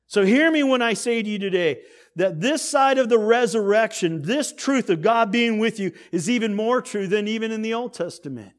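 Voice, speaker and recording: A pastor delivers a sermon from the stage in a high, light man's voice. He drops to near-whispers for tender points, then climbs back up to loud, emphatic declarations. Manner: dynamic preaching, swinging from hushed to loud.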